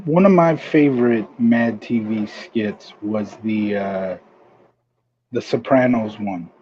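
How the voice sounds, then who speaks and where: A man co-hosting a wrestling podcast, reminiscing in relaxed, offhand casual chat. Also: lowish voice, slow pace, highs cut off, slight background noise. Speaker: podcast co-host.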